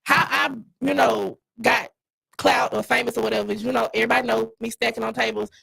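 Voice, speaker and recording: Gravelly, husky woman telling a blunt story. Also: a little high, a little fast, poor audio. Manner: blunt, animated, profane. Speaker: podcast co-host and dog breeder. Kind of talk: casual storytelling.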